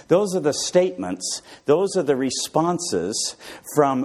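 A man's voice: on the high side, slow pace, husky. A man preaching a sermon, asking his listeners rhetorical questions. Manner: animated, rhetorical questions to the congregation.

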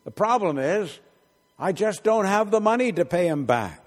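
A man's voice: sits high, very animated, normal speed, long reverb tail, pitched above the performer's own voice. A man as a fretful worried husband. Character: worried husband pacing at night.

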